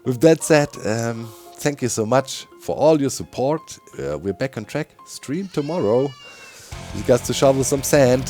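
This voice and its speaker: A man's voice: mid-range voice, dark tone. A middle-aged man with a German accent, tired, giving rambling gaming commentary with frequent chuckles and many fillers. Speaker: gaming YouTuber.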